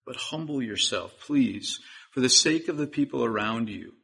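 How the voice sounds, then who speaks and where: Bright-voiced pastor preaching a sermon. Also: male voice, medium pitch, lively intonation, normal speed, vocal fry, husky. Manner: earnest, pleading, direct to listeners.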